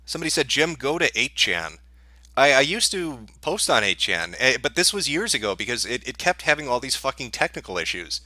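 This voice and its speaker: A man's voice: medium pitch, sing-song, fast talker, hardly any pauses, pushed and bright, no echo. A man answering viewer questions on a livestream in a sarcastic, profane, dismissive rant.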